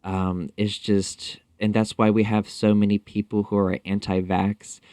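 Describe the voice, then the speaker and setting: A man's voice: lowish voice, flat delivery, a little mellow, no room sound, studio quality. A man speaking as a podcast guest in a casual interview, talking thoughtfully with frequent fillers and restarts. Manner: thoughtful, halting, many fillers.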